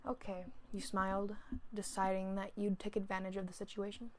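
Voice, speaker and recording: A woman's voice: mid-range voice, monotone, a little fast, rough recording. A woman casually reading fanfiction aloud at home, often stumbling over and correcting words. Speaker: fanfiction reader.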